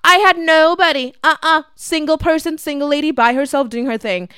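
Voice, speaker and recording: A woman's voice: sits high, moderate pace, a bit bright, dry recording, studio quality. A young woman telling a casual storytime vlog, chatty and swearing freely with lots of fillers. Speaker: vlogger.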